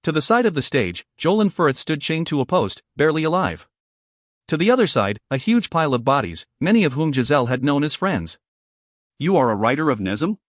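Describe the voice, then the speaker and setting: A man narrates a fantasy audiobook with steady, dramatic storytelling. His voice sits slightly high for a man. The recording is dry and close, with no room sound. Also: brisk, no echo.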